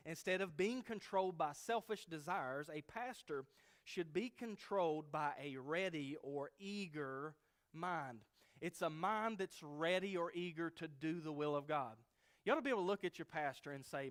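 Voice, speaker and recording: A man preaches an expository sermon in a slightly high voice. He teaches emphatically and keeps checking in with his listeners as he explains each point. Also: expressive, normal speed.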